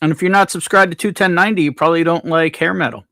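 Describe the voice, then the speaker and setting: A man's voice: a little high, fairly even intonation, rapid-fire, bright, forceful tone, no echo, clean studio sound. A man hosting a casual livestream, reading out viewers' names from the chat and greeting them one by one. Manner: reads chat names aloud, laid-back. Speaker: livestream host.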